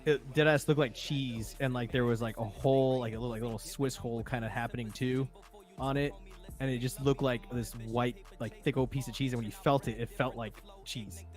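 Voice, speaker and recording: A man's voice: medium pitch, fairly even intonation, fairly quick, faint music behind. A man co-hosting a casual livestream, rambling through a story in slangy, laughing talk. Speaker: stream co-host. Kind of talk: casual chat.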